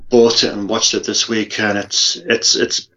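A low-voiced man co-hosts a casual film podcast, giving blunt opinions with a dry, wry humor. His voice comes through a dull, lo-fi microphone. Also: level tone, moderate pace, a bit bright. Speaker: podcast co-host. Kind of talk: casual film review chat. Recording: dull, lo-fi mic.

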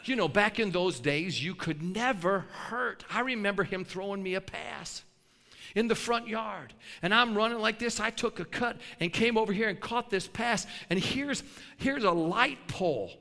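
Fiery, bright-voiced male preacher. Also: sits high, normal speed, gravelly. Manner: animated, folksy storytelling, builds to shouting. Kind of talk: sermon. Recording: long hall reverb.

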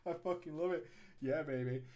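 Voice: medium pitch, normal speed, darkish tone, highs cut off. A storyteller reading a gaming story aloud and riffing on it sarcastically, swearing and laughing at it. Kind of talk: comedic story reading with commentary.

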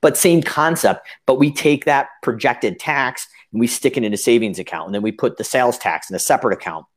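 A man's voice: medium pitch, fairly quick. A man who owns businesses, giving a long, rambling interview answer full of fillers and restarts. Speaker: business owner guest.

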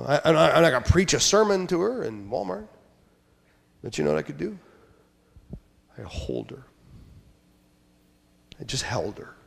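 A man preaching a sermon as pastor, talking conversationally and joking, then dropping into quiet asides. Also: mid-range voice, vocal fry. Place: church sanctuary. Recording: long church hall reverb.

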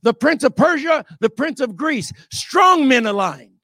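A man preaching a sermon, emphatic and often shouting, calling out rhetorical questions to the congregation. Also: very high voice, big pitch swings, unhurried, no room sound, clean studio sound.

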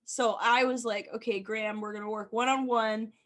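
A woman's voice: fairly high pitch, steady tone, moderate pace, a bit bright. A woman hosting a podcast over a video call, asking eager questions and laughing often. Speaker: host. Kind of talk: casual chat.

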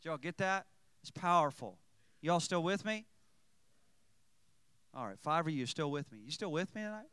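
A man's voice: fairly high pitch, big pitch swings, normal speed, pauses often, fairly bright tone, clear, resonant tone, dry recording. A man preaching a sermon, reading scripture aloud and calling out to his congregation. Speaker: pastor.

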